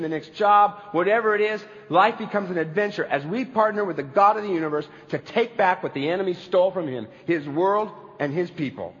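High-voiced man preaching in a reverberant hall. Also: fairly bright tone. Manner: earnest storytelling preacher, building to emphatic climaxes. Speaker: pastor. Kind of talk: sermon. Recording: reverberant hall, dull lo-fi sound.

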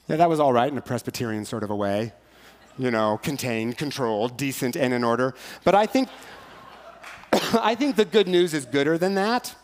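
Male pastor, somewhat high voice, conversational sermon with jokes and rhyming cadences, big churchy reverb. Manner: conversational and joking, with rhythmic rhyming lines. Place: church sanctuary. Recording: long church hall reverb.

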